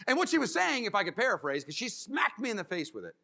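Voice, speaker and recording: Guy doing a keynote talk, high voice that jumps all over, big echoey hall. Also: quick pace, vocal fry, few pauses. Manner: animated, acts out scenes and voices. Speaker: motivational speaker. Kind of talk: keynote speech. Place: large conference hall.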